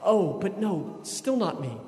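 Animated preacher in an echoing church. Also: male voice, high-pitched, unhurried. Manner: animated, conversational, acts out voices. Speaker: priest. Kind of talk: sermon. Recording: echoey church with long reverb.

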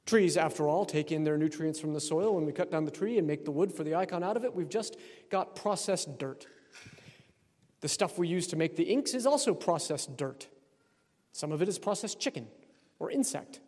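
A male priest with a drawl preaches in an easy, conversational tone, slipping in dry humorous asides. His voice sits a little higher than most men's. It rings out with the long reverb of a church. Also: expressive, normal speed, a little mellow. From Texas. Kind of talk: sermon.

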